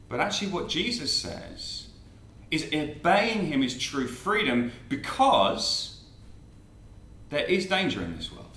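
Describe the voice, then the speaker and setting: A man giving an evangelistic talk to a student audience, lively and theatrical as he acts out quotes. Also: on the high side, roomy sound, recorded from a distance. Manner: animated, theatrical, acts out quotes and a comic poem. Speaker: speaker at a student Christian meeting.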